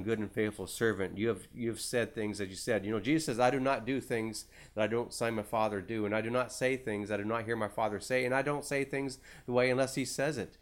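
A man preaching a conversational sermon in an earnest, folksy way, with frequent filler words. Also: mid-range voice. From United States. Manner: folksy, many "you know" fillers, earnest.

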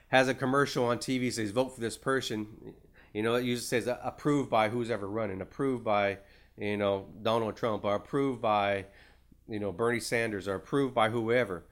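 Earnest, folksy male preacher. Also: mid-range voice. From United States. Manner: folksy, many "you know" fillers, earnest. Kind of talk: conversational sermon.

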